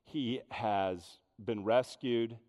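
A man preaching a sermon in an animated way, full of rhetorical questions. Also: medium pitch, drawn-out words, long reverb tail. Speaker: pastor.

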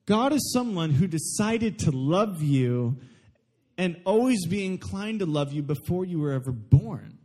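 A young man preaching a sermon, telling family stories and acting out quotes in an animated way. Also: high voice, unhurried. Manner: animated storytelling with acted-out quotes. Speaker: pastor.

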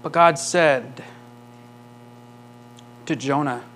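A man delivers a sermon at an unhurried pace, pressing each point with emphasis. He often turns to the congregation with rhetorical questions. A faint electrical hum sits under his voice. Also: on the high side, a bit bright. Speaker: pastor.

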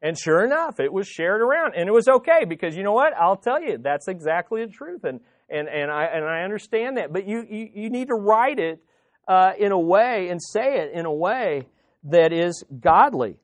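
A man's voice: high-pitched, big pitch swings, normal speed, no echo. A man preaching an earnest, conversational sermon as pastor, often repeating words as he goes.

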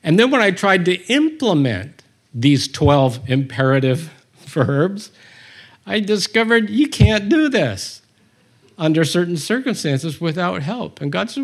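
A man's voice: high-pitched, big pitch swings, unhurried, husky. A man teaching a Bible study, reading scripture aloud and commenting on it with humor.

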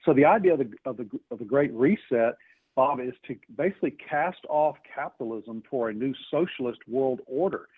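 A man's voice: mid-range voice, expressive, fairly quick, breathy edge, dry recording. A man being interviewed as an author, talking earnestly with many fillers and restarts. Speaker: author guest. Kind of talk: interview on a phone line. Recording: tinny phone line.

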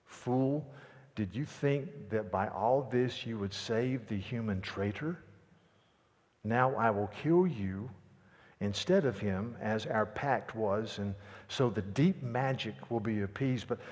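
A man reading a cruel, triumphant witch queen from a storybook aloud during a sermon, in a slow, low, gloating way. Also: darkish tone, big-room sound.

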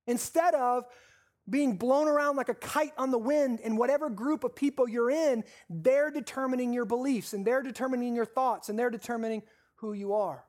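A pastor preaching a sermon with repeated, stressed phrases, slowing down on key lines and asking the congregation questions. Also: medium pitch, darkish tone.

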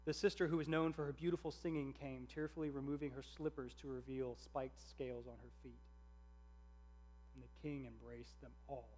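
A man reading a story aloud in a measured, earnest narration. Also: mid-range voice, fairly even intonation, darkish tone.

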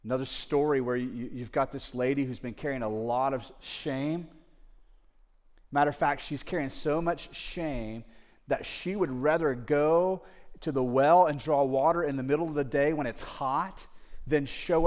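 Animated man preaching a sermon. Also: fairly high pitch, in a large hall. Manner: animated storytelling that acts out quoted dialogue.

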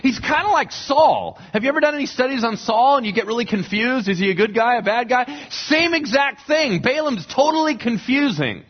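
A pastor telling a Bible story in a sermon, acting out the characters' lines with animated, casual voices. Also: male voice, very high voice, moderate pace, few pauses, husky. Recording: dull lo-fi sound.

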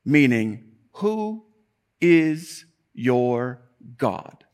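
A man delivering a church sermon, animated and emphatic, repeating key points and slipping into casual, joking asides. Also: mid-range voice, very slow, clean tone. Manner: animated preaching with emphatic repetition and rising intensity; conversational asides and self-deprecating humor. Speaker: pastor.

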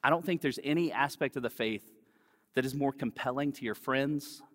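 A man preaching a sermon as pastor, speaking gently and conversationally and weaving in personal stories. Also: mid-range voice, normal speed. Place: church. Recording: long reverb of a church hall.

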